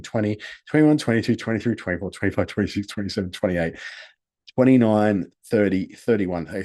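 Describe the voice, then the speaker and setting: A man's voice: low-pitched, dark tone. A man casually talking through a screen-share tutorial, explaining step by step and counting items aloud. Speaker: presenter.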